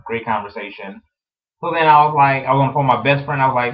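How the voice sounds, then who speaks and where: A young man talking casually to his webcam, chatty and animated, telling stories with lots of "like". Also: mid-range voice, fast. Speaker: vlogger. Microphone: webcam microphone. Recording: dull lo-fi webcam audio.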